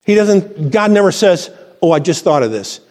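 A pastor preaching a sermon to his church, fervent and swelling to high exclamations. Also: sing-song, normal speed, darkish tone. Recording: long reverb from a church hall.

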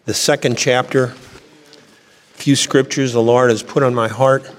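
A man's voice: medium pitch, steady tone, a little slow. A man preaching a sermon as pastor, reading scripture aloud with rising emphasis. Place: church sanctuary. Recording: long hall reverb.

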